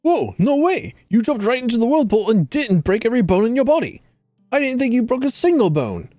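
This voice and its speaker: A man doing an eager, high-voiced fish guy. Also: big pitch swings, mellow, no echo, soft background music. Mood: amazed. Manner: eager, quick, exclamatory. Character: excitable young male fish-person, boastful and friendly. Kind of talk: reading game dialogue aloud.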